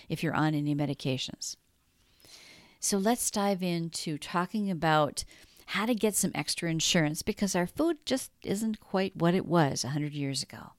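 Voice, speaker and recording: A middle-aged woman hosting a wellness podcast, guiding breathing in a calm, soothing, encouraging way. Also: on the low side, dry recording, studio quality. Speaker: wellness coach and podcast host. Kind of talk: podcast monologue with guided breathing.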